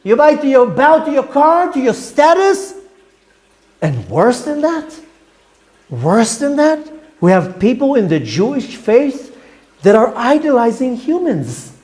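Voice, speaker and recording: Fiery high-voiced rabbi preaching. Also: male voice. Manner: fiery, rebuking, swings between shouts and hushed tones; repeats words for emphasis, asks rhetorical questions. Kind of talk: impassioned sermon.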